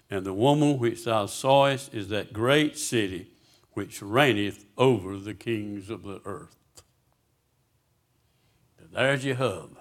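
A man's voice: on the low side, slow pace, long pauses. A pastor preaching a sermon, reading scripture aloud and putting questions to his congregation.

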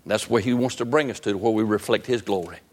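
An older man preaching a sermon, telling folksy stories with an earnest, gently urgent manner. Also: lowish voice, fast talker. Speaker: pastor.

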